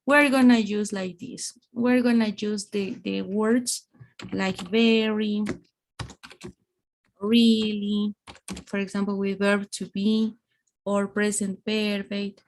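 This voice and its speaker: A woman teaching English grammar in an online lesson, speaking slowly and explaining through examples. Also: medium pitch, level tone, slight background noise.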